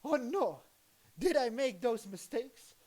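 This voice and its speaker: A woman's voice: on the high side, sing-song, warm tone, breathy edge. A woman with a Dutch accent, thinking aloud as she chats casually on her live stream. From Netherlands. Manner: rambling, thinking aloud, halting restarts. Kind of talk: casual live-stream commentary while working on a computer.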